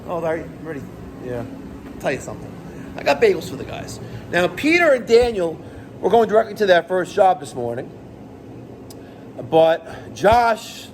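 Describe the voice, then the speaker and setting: A middle-aged man vents as a plumbing boss in a vlog. His voice sits high and gets animated and exasperated, with plenty of swearing. Faint background noise runs under him. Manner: animated, profane, exasperated ranting. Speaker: plumbing business owner. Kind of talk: rant vlog to camera.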